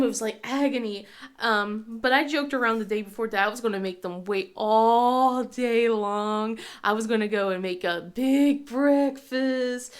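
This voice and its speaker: A woman in her thirties with a slightly high voice tells casual stories. She is getting over a cold and laughs often. Now and then she puts on her children's voices. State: sick with a cold. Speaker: crafting vlogger. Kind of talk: casual chat.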